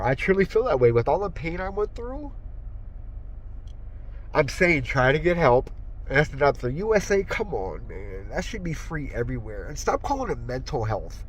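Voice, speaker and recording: A middle-aged vlogger speaks to the camera in a raw, rambling, heartfelt monologue. As he grieves, his voice drops low and quiet.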